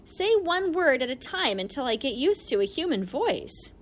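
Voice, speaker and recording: A woman's voice: sits high, sing-song, normal speed, slight background noise, voice pushed up. A woman reading an audiobook voices a young boy who sounds flustered and protests. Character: startled young boy living alone in the woods.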